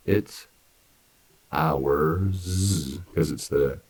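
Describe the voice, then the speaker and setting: A man with an extremely low, gravelly voice teaches English grammar very slowly. He breaks each sentence into pieces and repeats words one by one. His tone is husky and unhurried. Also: animated, a little mellow, low-quality recording. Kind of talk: slow, deliberate grammar lesson.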